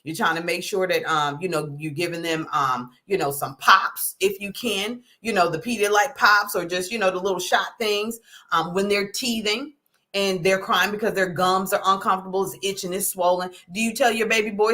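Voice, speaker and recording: A middle-aged woman hosting a casual talk, folksy and animated, often checking in with "okay?". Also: medium pitch, normal speed. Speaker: host. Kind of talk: casual talk to a live audience.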